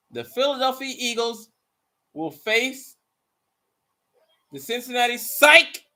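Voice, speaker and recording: A man hosting a live watch party, commenting casually and profanely on the game with excitable outbursts. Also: extremely high pitch. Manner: profane, excitable, bursts into mocking shouts. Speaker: live stream host.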